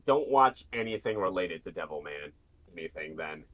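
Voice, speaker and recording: An excitable man chatting with friends on a stream. His pitch swings widely, and his voice breaks upward when something amuses him. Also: normal speed. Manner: excitable, jumps in pitch, laughs often. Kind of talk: casual chat.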